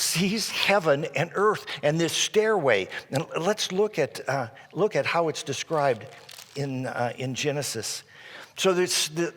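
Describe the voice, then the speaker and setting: A male pastor retelling a scripture story in an animated sermon, with frequent restarts. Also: medium pitch. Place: church sanctuary. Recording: reverberant church hall.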